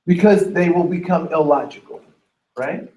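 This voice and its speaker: A man with a fairly high voice teaches a workshop, lively and animated, drawing the audience in with questions. He is picked up from across an echoing room. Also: normal speed, highs cut off. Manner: animated, asks the room questions, acts out quotes. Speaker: diversity trainer. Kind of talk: workshop lecture. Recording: echoey room, from a distance.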